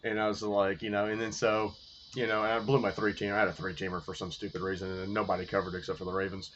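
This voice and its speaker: A man hosting a sports podcast, rambling through game results and his bets in a casual, profane, excitable way. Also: fairly low pitch, fast talker. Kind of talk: casual sports recap and betting talk. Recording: dull lo-fi recording with faint noise.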